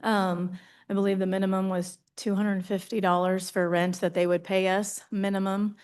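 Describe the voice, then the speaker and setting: A woman's voice: mid-range voice, little pitch movement, normal speed, darkish tone, clean tone. A woman county official speaks at a public meeting, a little out of breath. She hesitates often, stopping to restart her sentences. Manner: hesitant, many ums and restarts.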